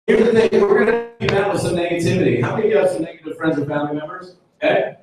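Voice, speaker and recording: A man's voice: high voice, very fast. A man giving a live motivational talk to an audience, telling joking stories with energy. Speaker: motivational speaker. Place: event room with an audience. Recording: echoey hall from far off, faint noise.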